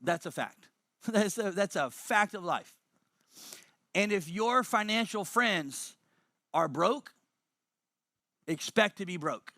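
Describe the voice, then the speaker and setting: A man's voice: high-pitched, animated, slow pace, long pauses, sharp tone, no room sound, clean studio sound. A man presenting a motivational money webinar, emphatic and fond of repeating key lines.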